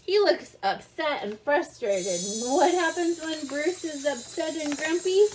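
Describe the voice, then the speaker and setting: A woman reading a children's storybook aloud in an interactive read-along, animated, asking the listener questions and explaining words simply. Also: sits high, a little slow, hardly any pauses, a little hiss or hum.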